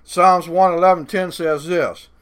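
Earnest Cajun preacher with a higher voice. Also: male voice, steady tone, clear, resonant tone. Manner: earnest, building to fervent emphasis, drawn-out slow phrases. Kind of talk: sermon.

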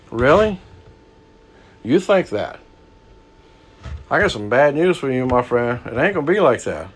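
A man preaching a sermon, folksy and lively, swinging from hushed lows to loud highs. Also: unhurried, long pauses.

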